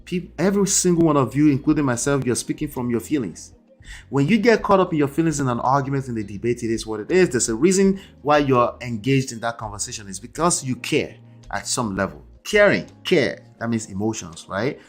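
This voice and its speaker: A man's voice: medium pitch, big pitch swings, fairly quick, faint music behind. Emphatic male coach reacting to a clip. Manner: emphatic, keeps checking in with "okay?" and "right?". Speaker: relationship coach and host. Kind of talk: reaction commentary on a debate clip.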